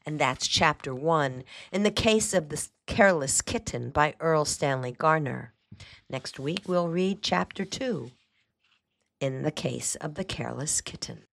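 Woman host, measured storytelling, low pitch, dry close sound. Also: lively intonation, creaky, no room sound. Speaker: host and reader. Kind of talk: reading a novel aloud.

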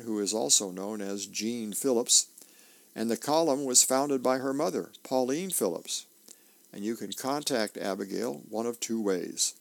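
A man reading newspaper comics aloud, halting with many fillers and restarts. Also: on the low side, creaky. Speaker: newspaper reader.

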